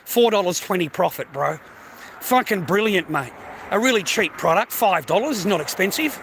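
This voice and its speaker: Swearing older Australian man, bright voice. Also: high-pitched, lively intonation, moderate pace, gravelly, a little hiss or hum. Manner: swears constantly, calls listener mate and bro. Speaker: livestream host. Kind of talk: casual rambling monologue to viewers.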